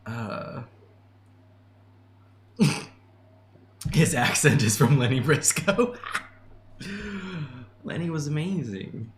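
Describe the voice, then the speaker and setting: A man's voice: a little high, animated, very slow, pauses often, a little hiss or hum. A man hosting a casual livestream, reading and answering chat messages in a chatty way, laughing often and restarting his sentences. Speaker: channel host answering chat. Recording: echoey room with faint ambience.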